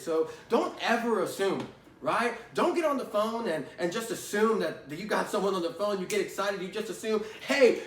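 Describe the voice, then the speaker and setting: A man giving a casual spoken lesson on sales calls, talking conversationally, repeating his points and often asking "right?". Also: high voice. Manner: conversational, repeats phrases, many "right?" tags. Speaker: sales trainer. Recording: roomy echo, distant from the mic.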